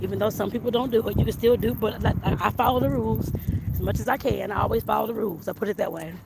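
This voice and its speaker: A woman's voice: medium pitch, rapid-fire, vocal fry. A woman talking casually while walking outdoors, a little out of breath, rambling and repeating herself as she vlogs about her home business. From southern Arizona. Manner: rambling, repeats "like I said" and "I guess I put it that way". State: slightly out of breath. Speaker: vlogger, home baker and life coach. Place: outdoors on a hot sunny street. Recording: loud street and wind noise.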